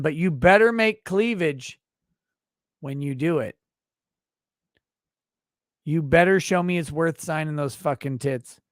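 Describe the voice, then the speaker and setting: A brash man reads viewer messages on a livestream and fires back with crude, mock-indignant rants. His voice sits fairly high for a man. The sound is dry and close, with no room echo. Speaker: livestream host reading super chats. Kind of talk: crude comedic livestream banter.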